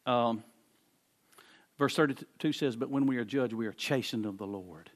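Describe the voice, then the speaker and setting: A man preaching a sermon as pastor, emphatic and repetitive, moving between quiet asides and loud proclamations. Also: mid-range voice, moderate pace.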